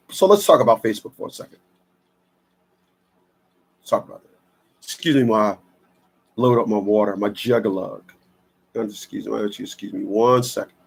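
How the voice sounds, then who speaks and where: Blunt husky-voiced New man. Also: medium pitch. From Newark, New Jersey. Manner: blunt, preachy, rambling, slangy. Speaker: radio show host. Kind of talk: animated radio talk monologue.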